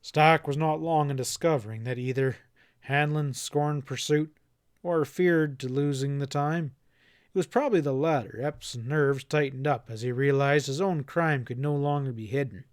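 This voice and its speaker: A man narrating a western novel audiobook in a steady storytelling delivery. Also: medium pitch, normal speed, clear, resonant tone, no echo, clean studio sound. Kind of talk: reading a western novel aloud.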